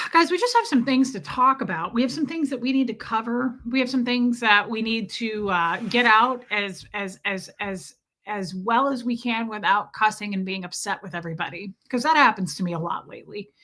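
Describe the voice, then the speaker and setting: At a normal speed, a young woman with a Midwestern American accent chats on her livestream, wandering from topic to topic and replying to viewers' comments. She's from the Midwest, and her slightly high voice is bright and forceful.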